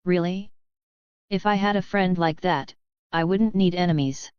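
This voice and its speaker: A woman reading the part of a confident, smirking young male warlock who speaks calmly and firmly. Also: on the low side, measured pace, smooth, dry recording, dull audio, close to an everyday voice. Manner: calm, firm, knowing.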